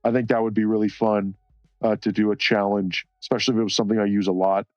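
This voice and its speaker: A man's voice: lowish voice, little pitch movement, fast, dry recording, muffled recording, faint music behind. A man chatting casually on a live stream while coloring, rambling and cursing freely between short laughs.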